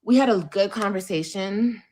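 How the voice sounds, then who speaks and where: A woman from California, hosting a livestream podcast and telling a story in a casual, animated, profane way. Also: mid-range voice, normal speed. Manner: animated, profane, switches voices when quoting others. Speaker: podcast host.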